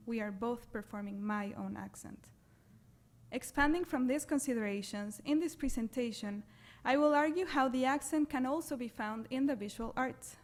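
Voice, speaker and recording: A woman with a foreign accent, reading an academic presentation at a symposium in a measured, deliberate way. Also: a little high. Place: lecture hall.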